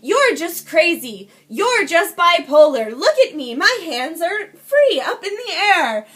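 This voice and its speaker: A furious, gaslighting young man yells his denials, loud and insistent, as a woman puts him on in her own high voice. The voice stays bright and raised, hammering each short line. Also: very animated, slow, exaggerated voice. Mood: defensive yelling. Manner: loud defensive yelling. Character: angry abusive young man, defensive, gaslighting.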